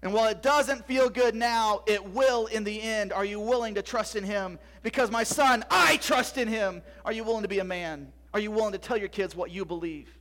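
A man's voice: sits high, normal speed, few pauses, a bit bright. A middle-aged man preaching a sermon, asking rhetorical questions with emphasis and sometimes dropping to a whisper. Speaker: pastor.

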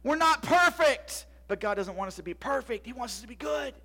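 A man's voice: very high-pitched, expressive, fairly quick, pushed and bright. A middle-aged man preaching a sermon, asking rhetorical questions with emphasis and sometimes dropping to a whisper. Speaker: pastor.

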